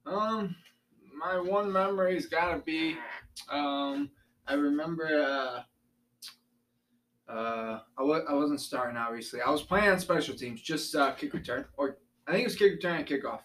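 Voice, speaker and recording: A man's voice: fairly high pitch, normal speed, a bit bright, distant mic, slight background noise, rough recording. A young man casually recalling a memory, hesitating with frequent ums and uhs. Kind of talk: casual storytelling chat.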